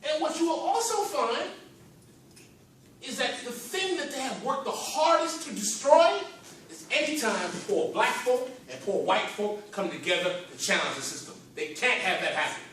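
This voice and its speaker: There's a little hiss or hum behind this man's very high, somewhat bright voice, which has lively intonation and a moderate pace. He's on a panel in a library's conference hall, giving an impassioned speech with preacher-like rhetorical questions and rising and falling emphasis, recorded distantly in an echoey space.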